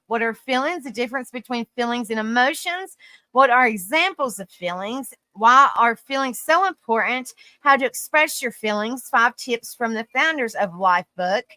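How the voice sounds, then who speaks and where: A woman hosts a live stream and reads an article aloud, tired but still bright and somewhat high-pitched. She greets viewers affectionately as sweetie and honey and trips over difficult words. The sound is dry and close, with no room echo. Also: expressive, moderate pace. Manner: stumbles over hard words and laughs at herself.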